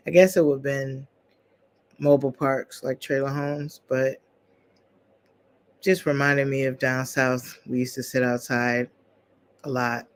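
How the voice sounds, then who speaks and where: A host on a casual livestream who greets viewers by name and jokes around in relaxed, playful slang. The voice sits in an ordinary middle register. The delivery wanders easily from teasing to storytelling. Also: mid-range voice, unhurried, long pauses. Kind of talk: casual live chat with viewers.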